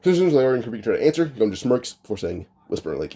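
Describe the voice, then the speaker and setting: A man with a very dark, mellow voice improvises a fan storyline in a loose, chatty way. He rambles, restarts his sentences and leans on filler words as he goes. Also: mid-range voice, big pitch swings, racing, slight background noise. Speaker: anime what-if storyteller. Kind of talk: casual improvised retelling.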